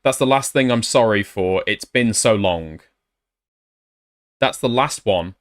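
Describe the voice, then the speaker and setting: A man's voice: on the low side, expressive, a little slow. Sarcastic male commentator, blunt, reads messages aloud.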